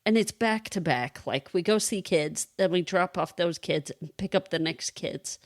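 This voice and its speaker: A woman's voice: lowish voice, normal speed, no echo. Chatty woman telling stories, dry sound. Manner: chatty storyteller who laughs often. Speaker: podcast co-host and kindergarten reading teacher. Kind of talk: casual chat.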